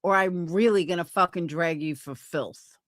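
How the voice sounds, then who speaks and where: A woman in a heated stream argument, combative and profane, laying out her point deliberately. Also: on the low side, no echo, studio quality.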